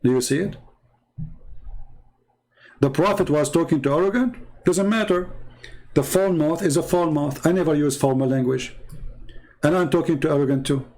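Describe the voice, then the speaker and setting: A man with a slightly high-pitched voice hosts a live debate stream in a combative, mocking way. He speaks non-native English with loose grammar and answers viewer comments by hammering home one rhetorical question after another. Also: normal speed, long pauses, a little mellow, poor audio.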